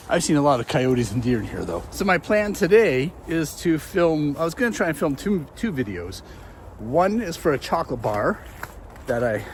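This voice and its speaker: A middle-aged vlogger with a medium-pitched voice hikes a muddy, windy forest trail, chatting easygoingly to his viewers while slightly out of breath. It's a casual walking vlog with slight background noise.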